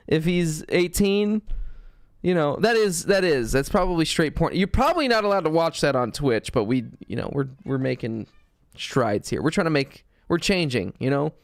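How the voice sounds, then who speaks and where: A man's voice: on the high side, no echo, clean studio sound. A man casually chatting as a streamer reacting to clips, rambling and swearing as he goes.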